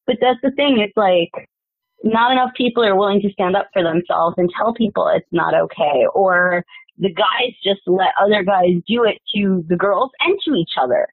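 This woman speaks at a medium pitch, a little fast and slightly rough, on a dry, phone-like remote call. As a casual interview guest, she swears freely and tells blunt, fired-up stories about her time in wrestling.

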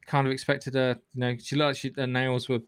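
A man's voice: medium pitch, monotone, fast talker, clean tone, dry recording, clean studio sound. A man hosting a podcast, retelling a film in a rambling, swearing, casual way with lots of restarts. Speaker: podcast host. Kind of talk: casual film recap chat.

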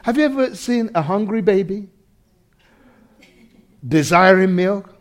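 A man preaching a sermon, animated, swinging from loud shouts to quiet intensity, laughing between lines. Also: high-pitched, moderate pace, pauses often. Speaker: pastor.

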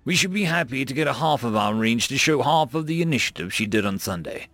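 A man's voice: mid-range voice, animated, quick pace, a bit bright, dry recording, natural voice. A man doing a persuasive senior officer. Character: supportive senior male Marine officer.

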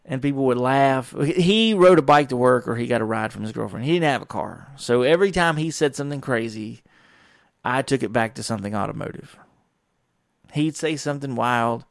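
Gravelly man telling rambling stories. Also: medium pitch, a little fast, no room sound, clean studio sound. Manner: rambling, animated quoting of others. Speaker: professional wrestler. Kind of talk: casual storytelling monologue.

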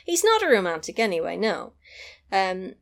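A woman's voice: mid-range voice, moderate pace, gravelly. A woman in a casual chat, animatedly retelling a film, acting out the characters' lines and laughing often. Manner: animated, acts out characters' lines in varied voices.

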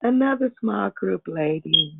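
A woman calling into a prayer line, giving unhurried thanks. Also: mid-range voice, expressive, creaky, heavy background noise. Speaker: caller. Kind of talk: testimony on a prayer call. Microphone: phone. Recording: tinny phone line.

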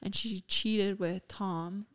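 A woman's voice: mid-range voice, fairly even intonation, takes it slowly, a bit bright. A young woman co-hosting a podcast, telling stories in a chatty, giggly way with lots of "like"s. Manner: chatty storyteller, giggly, many "like"s. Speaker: podcast co-host. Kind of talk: casual chat.

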